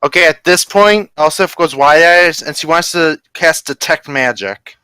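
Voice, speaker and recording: Bright, crisp-voiced male player. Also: on the high side, a little slow, dry recording. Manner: hesitant, thinking aloud. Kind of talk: casual tabletop play.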